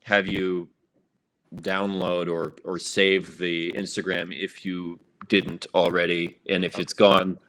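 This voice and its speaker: A man hosting a casual interview over a video call, talking in a halting, thoughtful way with plenty of fillers. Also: deep voice, little pitch movement, a bit bright. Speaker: show host.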